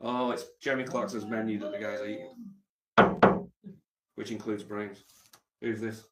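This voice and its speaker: A man hosting a livestream, rambling in a deadpan, mumbling way with lots of ums. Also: fairly low pitch, slight background noise. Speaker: livestream host.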